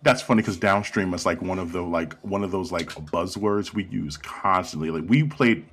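A man in his thirties telling stories in a casual chat with friends, animated and quick to laugh and swear. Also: low-pitched, slight background noise. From Haitian family. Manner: animated storytelling, laughs often, swears freely.

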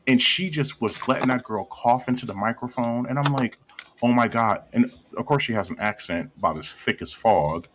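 A man's voice: medium pitch, expressive, fairly quick, few pauses, noisy background. A man in casual chat, ranting and telling stories with plenty of swearing. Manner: profane, ranting storyteller.

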